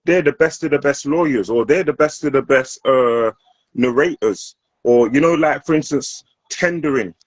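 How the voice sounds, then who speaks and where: A man's voice: mid-range voice, moderate pace, dry recording, poor audio. A man hosting a casual discussion, asking earnest, probing questions and stressing his points with feeling. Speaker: host.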